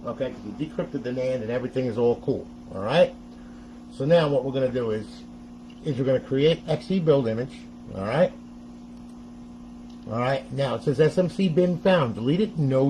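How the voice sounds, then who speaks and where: A man's voice: medium pitch, normal speed, warm tone, a little hiss or hum, poor audio. A middle-aged man hosting a casual step-by-step tech tutorial, chatty and often laughing as he talks to viewers.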